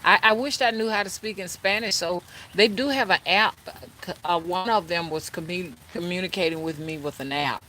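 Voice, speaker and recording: A woman hosting a casual livestream as a spiritual reader, chatting and greeting viewers by name in a drawn-out, friendly way. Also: lowish voice, pushed and bright, slight background noise.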